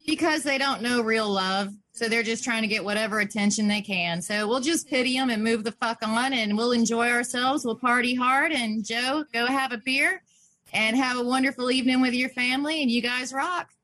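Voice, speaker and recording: A woman's voice: a little high, moderate pace, bright, forceful tone. Brash, foul-mouthed woman caller. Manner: brash, profane, defiant. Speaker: guest caller. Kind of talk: casual chat.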